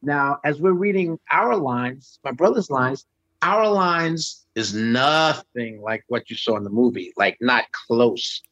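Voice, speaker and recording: A middle-aged man casually telling an anecdote as a guest, animated and acting out quotes with jumps in pitch. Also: slow, no echo, muffled recording. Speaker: guest storyteller.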